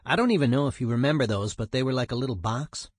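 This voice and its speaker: A man's voice: medium pitch, fast talker, no room sound, natural voice. A man reading as a reminiscing woman punk singer. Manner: reflective, plain recollection.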